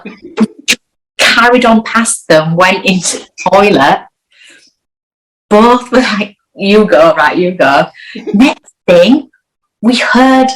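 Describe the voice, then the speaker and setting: A woman, chatting as an interview guest and telling a story with lively acted-out quotes. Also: mid-range voice, rough recording. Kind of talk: casual anecdotal chat.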